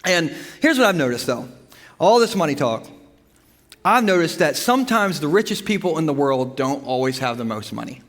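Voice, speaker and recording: A male pastor preaching a sermon, his high voice ringing with long reverb through a church sanctuary. He tells stories in an animated, humorous way with sudden bursts of emphasis. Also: normal speed. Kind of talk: sermon with storytelling.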